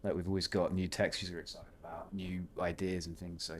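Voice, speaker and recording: A band member in a casual interview, telling stories in a relaxed, easygoing way. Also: male voice, low-pitched, a little fast.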